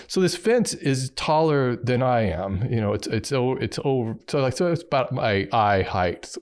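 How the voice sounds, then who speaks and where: A middle-aged man casually telling a funny story, jumping into a high voice whenever he acts out a quote. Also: normal speed, few pauses. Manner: animated, jumps high to act out quotes.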